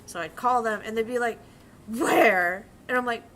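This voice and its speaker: A woman's voice: on the high side, quick pace, noisy background. A young woman vtuber chatting casually while drawing, telling profane, rambling work stories and quoting people in put-on voices. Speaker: vtuber streamer and bank teller.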